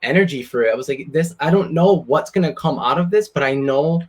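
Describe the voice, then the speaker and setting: A young co-host with a mid-pitched voice speaks in a casual live stream chat. The tone is earnest and encouraging, like gentle motivational advice. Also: fairly quick, slightly rough.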